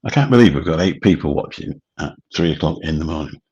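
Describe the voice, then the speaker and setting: A man's voice: a bass voice, lively intonation, fast talker, a little mellow, husky, dull audio. A man, rambling casually as host of a late-night livestream chat. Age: 50s. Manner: rambling, chatty, swears casually. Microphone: studio mic through a mixer.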